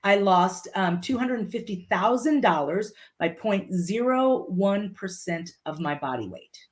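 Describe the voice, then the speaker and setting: Woman guest, mid-pitched, punchy motivational storyteller. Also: lively intonation, a little slow. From Litchfield, Illinois, US. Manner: emphatic, repeats key phrases. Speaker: podcast guest.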